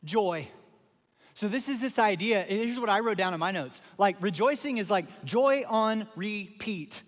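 High-voiced middle-aged pastor in a reverberant hall. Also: male voice, animated, a little slow. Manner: conversational, emphatic preaching with repeated phrases. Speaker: lead pastor. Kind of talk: sermon. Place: large church auditorium.

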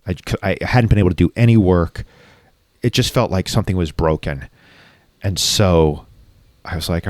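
Male guest, low register, confessional and profane, dry close-miked sound. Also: moderate pace, pauses often, a little mellow, no echo. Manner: raw, reflective, frequently profane. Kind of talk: candid personal storytelling in conversation.

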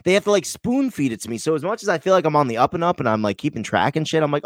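Animated man, lively swooping pitch, swearing, dry close sound. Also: very fast, hardly any pauses, no echo. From United Kingdom. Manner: animated, swearing, acting out reactions with big pitch jumps. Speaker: podcast co-host. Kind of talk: excited casual chat.

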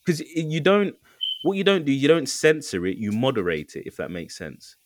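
A young man from co-hosting a casual podcast chat, animated and laughing often as he mimics other voices. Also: mid-range voice, normal speed, no room sound, studio quality. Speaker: podcast co-host.

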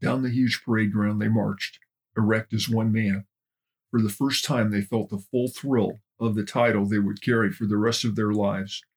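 A man narrating a documentary in a steady, measured way. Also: lowish voice, husky. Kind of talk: documentary narration with book readings.

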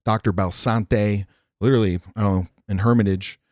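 Low-voiced man telling a frank story. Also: fairly even intonation, normal speed, a little mellow, dry recording, studio quality. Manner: frank, rambling, swears freely. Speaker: podcast guest. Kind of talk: candid personal storytelling in casual chat. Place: Nashville.

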